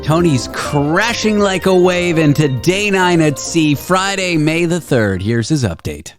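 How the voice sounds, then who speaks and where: A man's voice: fairly high pitch, expressive, measured pace, music in the background. A man hosting a comedy show, delivering a playful monologue with lots of jokes. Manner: playful and jokey, with bouncy exaggerated delivery. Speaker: radio show host. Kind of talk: comic monologue.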